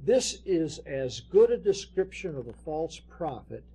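A man's voice: a little high, sing-song, unhurried, warm tone, breathy edge. A man preaching a sermon, explaining scripture and reading verses aloud with emphasis.

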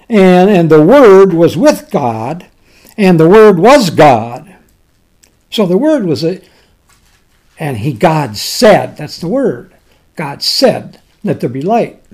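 A man preaching a sermon slowly and dramatically, reading scripture aloud in old-fashioned wording. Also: high-pitched. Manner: slow, dramatic preaching with swells and drops in loudness.

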